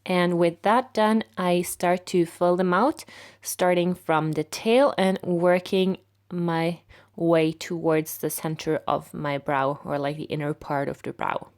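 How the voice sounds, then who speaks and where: A woman with a raspy voice narrating a makeup tutorial in a relaxed, step-by-step way. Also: lowish voice, takes it slowly. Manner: relaxed, step-by-step explaining with fillers.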